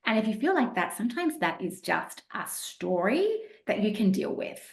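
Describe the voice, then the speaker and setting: A woman's voice: mid-range voice, big pitch swings, moderate pace, creaky. A woman hosting a podcast interview, thoughtful and affirming, summing up her guest's points. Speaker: podcast host. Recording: echoey room sound.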